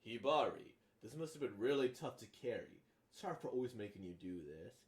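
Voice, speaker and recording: A performer voicing a calm older teen boy, a team senior who speaks in a steady, low-key way. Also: fairly quick, roomy sound, lightly acted. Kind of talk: manga dub reading.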